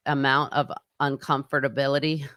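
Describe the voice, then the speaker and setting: A woman's voice: rumbling low, level tone, normal speed, a bit bright, no echo, clean studio sound. A middle-aged woman co-hosting a podcast, talking in a reflective, hesitant way. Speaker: podcast co-host. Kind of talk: casual chat.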